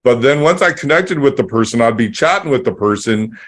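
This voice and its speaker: A man's voice: mid-range voice, animated, fairly quick, fairly bright tone. A man hosting a podcast, chatting casually and telling a rambling story with many restarts, acting out both sides of a conversation. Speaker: podcast host.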